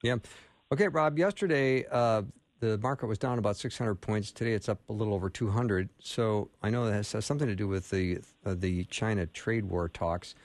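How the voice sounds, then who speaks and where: A man's voice: on the low side, brisk, dry recording. Chatty male radio talk host, dry sound. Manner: chatty, with many fillers and laughs.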